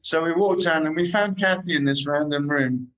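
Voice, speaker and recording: Guest man telling animated travel stories. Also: fairly high pitch, normal speed, rough recording. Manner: animated anecdotes, says "man" and "eh". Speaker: podcast guest, motorcycle traveler. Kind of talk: casual storytelling chat.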